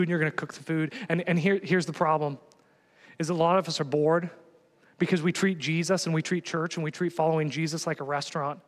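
Animated high-voiced male pastor. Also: in a large hall. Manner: animated storytelling, acting out both sides. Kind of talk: sermon.

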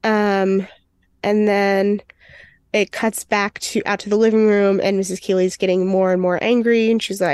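A woman's voice: medium pitch, little pitch movement, moderate pace, darkish tone, clear, resonant tone, no room sound. Woman rambling through a film recap. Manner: rambling recap full of "um" and "and then he's like"; reads out movie quotes in a lightly lifted voice. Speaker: podcast co-host. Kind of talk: casual chat retelling a film.

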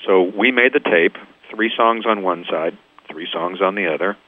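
A man's voice: low-pitched, moderate pace. An older man from Kansas, a band founder, telling his story in an interview and acting out the voices of the people in it. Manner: lively storyteller, acts out quoted voices. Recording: tinny phone line.

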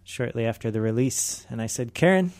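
A man hosting a community radio show, chatting in a laid-back, halting way with lots of fillers. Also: mid-range voice, level tone, a little mellow, clear, resonant tone, dry recording. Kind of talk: casual radio chat.

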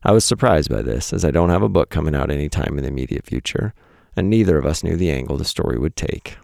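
A man's voice: extremely low pitch, animated, fast, creaky, a little mellow, no echo, studio quality. A man hosting his own podcast, reading a personal essay aloud in a reflective, candid way. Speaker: podcast host. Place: home in Montana.

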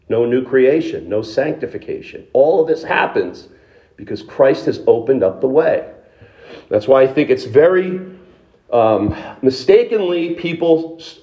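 Pastor guy preaching, chatty and emphatic, middle pitch, kinda muffled lo-fi sound. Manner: conversational, emphatic, with frequent restarts and rhetorical questions. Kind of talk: sermon.

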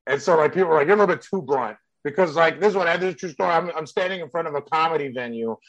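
A man's voice: a little high, racing, a bit bright, no room sound, highs cut off. A young man with a Mexican accent, a stand-up comedian chatting bluntly and rambling, with lots of laughter and swearing. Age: young adult. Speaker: stand-up comedian, podcast guest. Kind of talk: casual chat.

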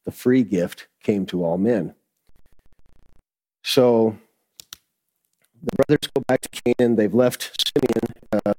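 A man's voice: lowish voice, darkish tone, low-quality recording. A man giving a conversational sermon as a Bible teacher, reading scripture aloud and then explaining it in loose everyday talk.

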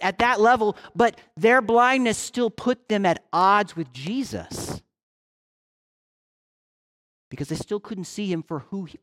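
A man preaching a sermon as pastor in a conversational way, often checking in with his listeners and swinging between loud and hushed delivery. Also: high-pitched. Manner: conversational, with frequent "right?" check-ins.

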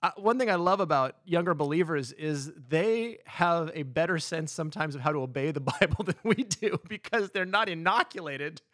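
A man chatting casually as a podcast co-host, adding quick asides and telling stories with energy. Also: a little high, no echo, clean studio sound. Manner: animated storyteller, quick asides. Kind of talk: casual chat.

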